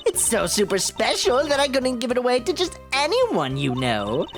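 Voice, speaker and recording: Read by a woman, a pushy old lady from a video game scolds and coos by turns. The voice is high and swoops all over, shrill when scolding and low when muttering. Game music plays faintly behind. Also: wildly swooping pitch, moderate pace. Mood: doting. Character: nosy old woman, loud, bossy, smitten.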